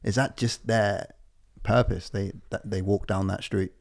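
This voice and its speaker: A man's voice: fairly low pitch, steady tone, a little slow, vocal fry, darkish tone. A man co-hosting a podcast, rambling from tangent to tangent in casual, sweary chat. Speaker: podcast co-host.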